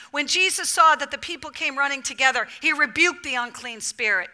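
A woman preaching a sermon to a women's gathering, animated, swinging between loud emphatic bursts and soft near-whispered lines. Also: sits high, normal speed, few pauses.

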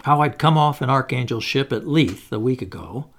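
A male audiobook narrator telling a story at an even, measured pace. His voice is gravelly and carries plenty of pitch movement.

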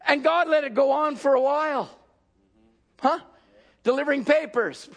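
A man preaching an impassioned sermon, acting out scenes and shouting at the peaks. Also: very high-pitched, normal speed, creaky, pauses often.

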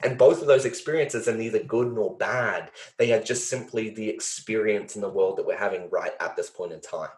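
With few pauses and normal speed, a man speaks in a lowish, darkish voice. He's a podcast host in reflective conversation, earnest and emotional, thinking out loud with many fillers and occasional swearing, and the recording has a roomy echo.

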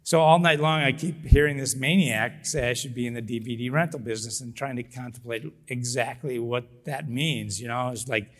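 A middle-aged man, a business founder, telling his story as an interview guest with lively energy, laughing often and acting out what people said. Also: mid-range voice, moderate pace, few pauses. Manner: animated, laughs often, acts out quotes.

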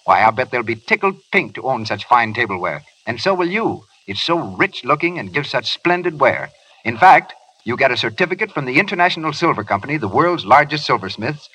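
A man's voice: sharp tone, slightly rough, poor audio. A man announcing a chatty, persuasive 1930s radio advertisement. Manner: chatty, persuasive sales pitch.

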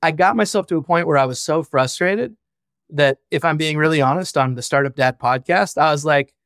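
A man's voice: fairly high pitch, brisk, fairly bright tone, dry recording, studio quality. A man speaking as a podcast guest, a founder and father who talks frankly and reflectively and swears casually. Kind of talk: candid conversational interview.

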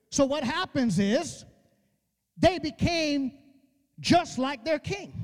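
A male preacher giving an emphatic, colloquial sermon, acting out dialogue and rising to shouts. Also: very high voice. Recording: long reverb of a church hall.

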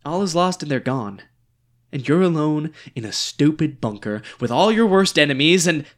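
A man's voice: a little high, fairly bright tone. A man reading the part of a ghostly dictator with a bullet wound, needy and melodramatic, in a stage play reading. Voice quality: theatrical, swinging between whimpers and outbursts.

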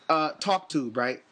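A man's voice: on the high side, pushed and bright. A man in casual comedic banter, rambling and crude, jumping between ideas and slipping into mocking voices.

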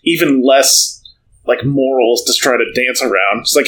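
A man's voice: mid-range voice, normal speed, a bit bright, low-quality recording. A man hosting a casual podcast chat, joking and laughing often. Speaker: podcast host.

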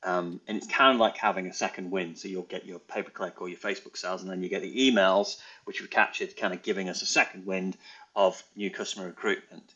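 A man's voice: low-pitched, fairly even intonation, quick pace, pushed and bright, husky, highs cut off. A man co-hosting a business podcast, talking casually with plenty of hesitations. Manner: chatty, many ums and hesitations. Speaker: podcast co-host.

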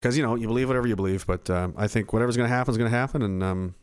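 A man's voice: mid-range voice, racing, a little mellow, clear, resonant tone. A man giving a casual, rambling monologue, swearing freely and often restarting his sentences. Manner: profane, rambling, self-interrupting.

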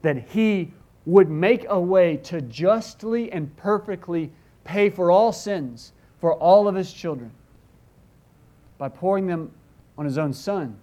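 A man's voice: sits high, animated, takes it slowly, mellow. A middle-aged man preaching a sermon as pastor, earnest and pleading, asking rhetorical questions and often restarting his words.

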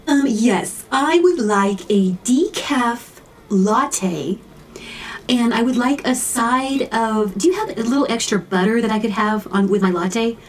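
A woman's voice: fairly high pitch, measured pace, distant mic, slight background noise, lightly acted. A woman playing a fussy customer ordering at a coffee counter, dithering and hesitant, full of ums. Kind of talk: comedy sketch.

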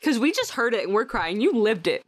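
A woman co-hosting a podcast in casual chat, animated and swearing freely as she rants. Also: on the high side, fairly quick, no room sound. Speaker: podcast co-host.

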